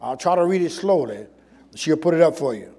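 High lively preacher man. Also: fairly quick. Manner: emphatic, swings from loud calls to low asides. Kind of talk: sermon. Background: congregation.

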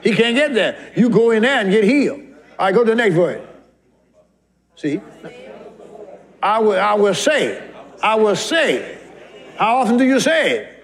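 A man preaching a sermon, fervently reading and shouting scripture lines. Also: high voice, sing-song, a little slow, pauses often. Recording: live church crowd behind.

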